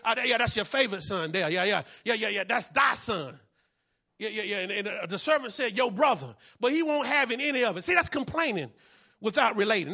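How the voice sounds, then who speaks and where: Man, pastor, fiery sermon, very high voice, forceful tone, repeats phrases. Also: breathy edge. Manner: fiery preaching, bursts into shouts, repeats key phrases; acts out the people in his story.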